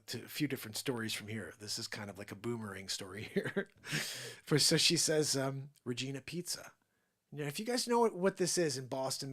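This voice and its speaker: A middle-aged man hosting a live show, ranting in an animated improvised monologue that swings between loud outbursts and low muttered asides, with mocking put-on voices. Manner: does mocking put-on voices and mock Spanish.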